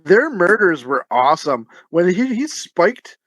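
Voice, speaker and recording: A man co-hosting a podcast movie review, talking in a wry, animated way. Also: high voice, unhurried. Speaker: podcast co-host. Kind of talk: casual movie review chat.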